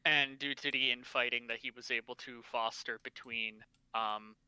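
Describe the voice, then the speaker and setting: A man's voice: medium pitch, fairly even intonation, moderate pace, pushed and bright, smooth, no echo, poor audio. A man co-hosting a casual podcast livestream, explaining at length with fillers. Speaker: podcast co-host.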